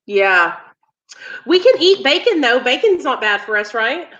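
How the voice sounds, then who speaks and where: Bright woman, chatty, dull audio. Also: fairly high pitch, sing-song, a little slow. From American South. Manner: chatty, addresses viewers as y'all. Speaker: co-host. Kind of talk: casual live-stream chat.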